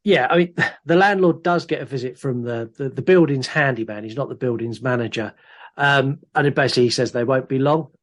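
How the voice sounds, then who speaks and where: A man's voice: medium pitch, a little fast. A man co-hosting a podcast, retelling scenes animatedly in casual chat. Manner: animated retelling, acts out lines from the film. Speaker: podcast co-host.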